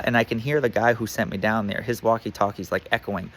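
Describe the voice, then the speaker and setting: A man's voice: fairly low pitch, steady tone, fast talker, hardly any pauses, a bit bright. A man telling a personal story in a casual, rambling way, full of fillers and swearing.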